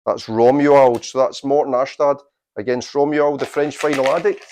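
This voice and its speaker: A man, hosting a quiz and announcing its tournament draw in a deliberate, unhurried way with dry asides. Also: mid-range voice, steady tone, a little mellow, slight background noise. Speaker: quiz host.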